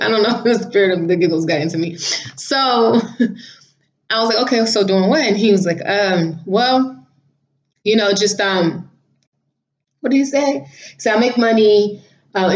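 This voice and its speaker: A woman tells a personal story to her camera in a loose, chatty vlog style, laughing along as she talks. Her voice sits at an everyday middle pitch. The recording is a bit dull and lo-fi. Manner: chatty, animated, laughs while telling stories. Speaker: vlogger. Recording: slightly dull lo-fi audio.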